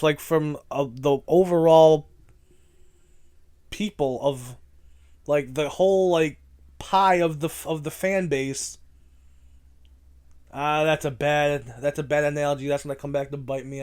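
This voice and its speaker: A man's voice: fairly high pitch, a little slow, long pauses, smooth. A man hosting a casual solo podcast, rambling and correcting himself, swearing now and then. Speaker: podcast host.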